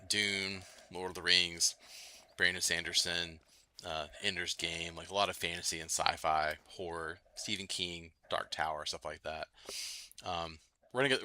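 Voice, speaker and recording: A man hosting a late-night gaming livestream, chatting loosely with viewers, full of fillers and quick laughs. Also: low voice, bright, forceful tone. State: itchy nose. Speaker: livestream host. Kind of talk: casual gaming livestream chat.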